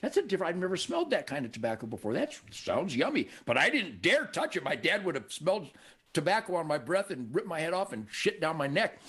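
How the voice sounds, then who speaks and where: An older man from Michigan hosting a show, telling stories in a cocky, animated way and acting out the voices of people he quotes. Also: fairly high pitch, fast talker, slightly rough. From Michigan, USA. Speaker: show host. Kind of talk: casual storytelling conversation.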